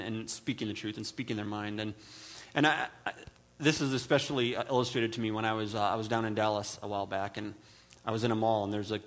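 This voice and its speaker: A man preaching a sermon, from the Midwest, telling humorous stories with frequent restarts. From American Midwest. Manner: storytelling, self-deprecating humor, many restarts; mimics others with high put-on voices. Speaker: pastor.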